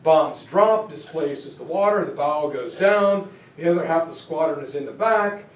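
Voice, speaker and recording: A man giving a history lecture as lively storytelling, acting out quoted voices and joking asides. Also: fairly high pitch, moderate pace. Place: classroom or lecture hall. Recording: echoey room, mic far off, faint ambience.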